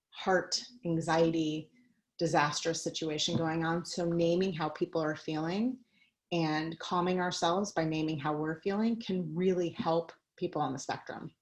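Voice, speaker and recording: A woman's voice: deep voice, steady tone, unhurried, low-quality recording. A woman giving a conversational talk on a video call, mixing personal stories with practical advice and light laughs. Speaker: guest speaker.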